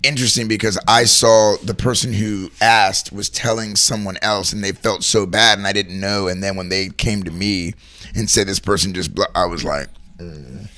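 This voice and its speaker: A man co-hosting a casual chat show, quick with reactions and exclamations. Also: on the low side, fairly even intonation, pushed and bright. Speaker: co-host.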